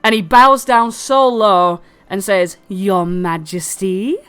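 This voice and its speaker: A woman's voice: mid-range voice, slow, a bit bright, clear, resonant tone. A woman voicing a jubilant, pompous male carnival ringmaster who rallies the crowd. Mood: grand. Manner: pompous, rallying.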